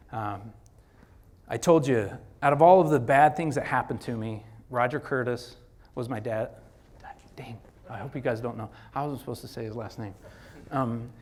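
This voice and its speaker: Slangy, animated male guest lecturer. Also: mid-range voice. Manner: animated and slangy, peppered with "like" and "dude". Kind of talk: casual motivational lecture.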